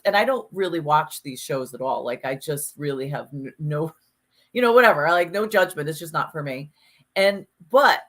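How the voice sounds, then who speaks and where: A woman co-hosting a podcast in casual chat, talking in an animated, emphatic way and swearing freely. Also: lowish voice. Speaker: podcast co-host.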